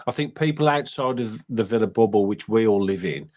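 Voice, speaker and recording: A man hosting a casual football phone-in, chatty and matey with quick asides. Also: fairly low pitch, expressive, darkish tone. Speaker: host.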